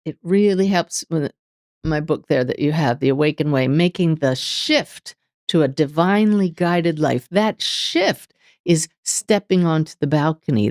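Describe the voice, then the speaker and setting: Woman medium w/ a low voice, chatty storyteller, dry close mic. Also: dry recording. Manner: animated storytelling, voices inner dialogue. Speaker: guest medium. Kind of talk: interview conversation.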